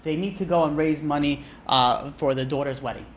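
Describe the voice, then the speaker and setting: A man's voice: on the high side, fairly quick, a bit bright, slight background noise. A man, a rabbi, teaching an informal class in a chatty, joking way, often asking "right?" and "you know".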